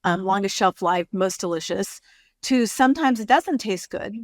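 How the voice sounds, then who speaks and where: A woman in her sixties, a produce company executive, talking through her career in an unhurried, storytelling way as an interview guest. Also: medium pitch, animated, no room sound, studio quality. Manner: measured, storytelling. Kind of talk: casual interview conversation.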